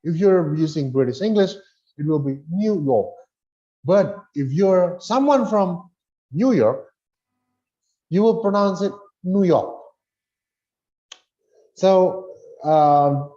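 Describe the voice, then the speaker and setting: A man gives an online English lesson, reading dialogue lines slowly and explaining pronunciation with chatty asides. His voice sits a little high and swings widely in pitch, with a mellow, soft tone. The sound is muffled and lo-fi, like online class audio. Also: lively intonation. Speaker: English teacher.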